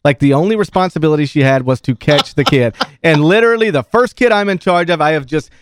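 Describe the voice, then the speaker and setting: A man's voice: on the high side, fast. A man hosting sports talk radio, telling a story in an exasperated, self-mocking way into a studio microphone. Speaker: radio show host.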